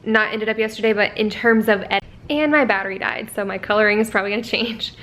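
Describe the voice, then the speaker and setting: A woman's voice: fairly even intonation, fast, fairly bright tone. A young woman in her twenties, an author vlogging casually from home, chatty and rambling with frequent self-corrections. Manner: coos in a high voice when talking to her dogs. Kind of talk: casual vlog talk.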